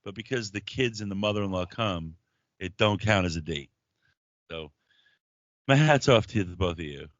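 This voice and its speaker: A man hosting a podcast, telling stories in crude, profane, animated banter. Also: low-pitched, normal speed, long pauses, no echo, dull audio. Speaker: podcast host.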